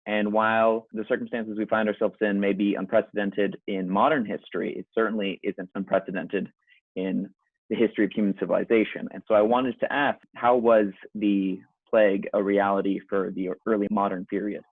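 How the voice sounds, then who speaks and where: A man interviewing a professor over a video call, asking measured, formal questions. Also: fairly low pitch, flat delivery, dry recording. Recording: tinny, dry phone-like sound.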